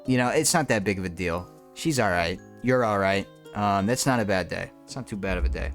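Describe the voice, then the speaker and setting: A man's voice: fairly quick, faint music behind. Blunt, foul-mouthed young man ranting. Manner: blunt, crude and profane, mocking; swings from high-pitched rants to low mutters. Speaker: content creator. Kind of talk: reacting to viewer comments.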